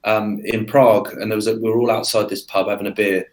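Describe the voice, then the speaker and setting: Animated English man telling stories. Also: lowish voice, quick pace. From England. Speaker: interview guest. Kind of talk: casual conversation.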